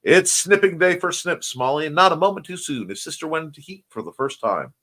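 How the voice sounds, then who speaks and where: A man's voice: fairly high pitch, very animated, fairly quick. A man with a slightly scratchy voice and a speech impediment, hosting a casual morning stream, chatting playfully and reading out viewer comments. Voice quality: self-described speech impediment. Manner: rambling, playful, warm toward viewers. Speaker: host.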